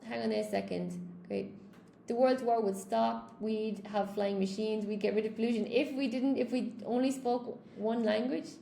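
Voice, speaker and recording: A woman's voice: fairly high pitch, fairly even intonation, normal speed, creaky, warm tone, echoey room, slight background noise. A woman English teacher hosting a live stream, upbeat and encouraging as she chats with callers and reads out viewers' comments.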